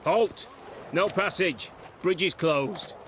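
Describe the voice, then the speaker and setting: A man's voice: high voice, slow pace. An actor playing a brusque male soldier guarding a bridge in a video game, curt and officious. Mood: stern. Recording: game audio under loud noise.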